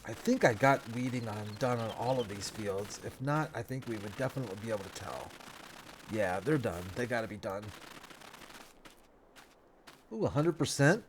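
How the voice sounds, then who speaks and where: A man, sounding stuffed up, giving relaxed, rambling commentary over a game as a let's play host, talking half to himself with folksy phrases. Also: fairly low pitch, a little fast, background noise. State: stuffed up nose. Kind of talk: casual gameplay commentary.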